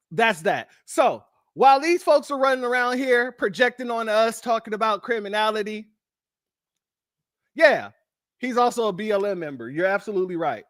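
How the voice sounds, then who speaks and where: A man with a strikingly high voice hosts a loose reaction show, chuckling often and calling his audience family. The sound is dry and close with no room around it. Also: a bit bright, dry recording. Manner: laughs often, addresses viewers as family. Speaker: commentary host. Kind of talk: casual reaction commentary.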